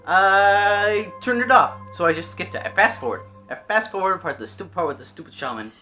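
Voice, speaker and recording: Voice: mid-range voice, animated, fast talker, few pauses, sharp tone, faint music behind. A person giving a casual, rambling, exasperated rant reviewing an anime, full of restarts and swearing.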